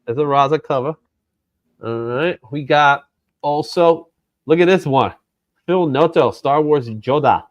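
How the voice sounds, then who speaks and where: A man's voice: on the high side, a little slow, long pauses, no echo, muffled recording. A man hosting a comic book show in a loose, joking chat, with easy laughs. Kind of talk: casual chat.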